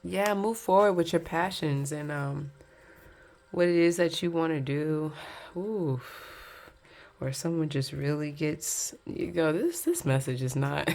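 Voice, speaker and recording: A woman with a low voice that has a gravelly fry reads tarot cards for her viewers. She talks in a loose, chatty way, blunt and candid, with laughs between her points. A faint hiss sits under her voice. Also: measured pace. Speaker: tarot card reader. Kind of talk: casual pick-a-card tarot reading.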